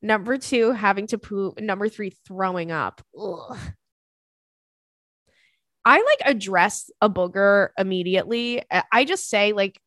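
A young woman, a podcast host and stand-up comic, reads listener emails and chats in a bubbly, crude, joking way, laughing often. Her mid-range voice is a bit bright, with no room sound.

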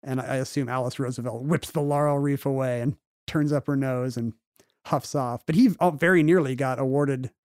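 A man's voice: medium pitch, fairly even intonation, a little fast, darkish tone, dry recording, clean studio sound. A man co-hosting a podcast, retelling a history story with wry jokes in casual chat. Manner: wry storyteller, puts on silly voices for quotes. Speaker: podcast co-host.

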